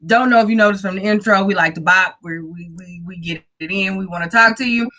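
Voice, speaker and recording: A woman's voice: mid-range voice, a little fast, sharp tone. A woman from Oakland, California, co-hosting a casual live-stream talk show, chatty and playful as she talks straight to the viewers. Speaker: co-host.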